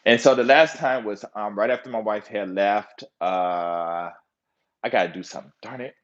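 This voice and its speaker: A man's voice: lowish voice, moderate pace. A middle-aged man telling a story in casual, profane monologue, acting out voices and sound effects as he goes. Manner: animated, profane, acts out quotes with sound effects. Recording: slightly dull lo-fi audio.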